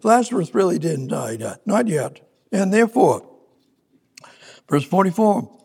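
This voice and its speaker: A man's voice: high-pitched, sing-song, measured pace, gravelly, long pauses, darkish tone, husky. A man preaching a sermon in a casual, conversational way, reading scripture aloud and often restarting his sentences.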